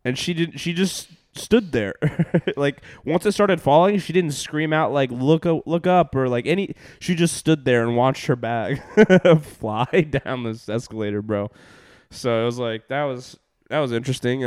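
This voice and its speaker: A man's voice: mid-range voice, moderate pace, a little mellow, smooth, no echo, studio quality. A young man, a comedian hosting a podcast, telling tour stories in casual chat, rambling with lots of fillers, laughs and swearing.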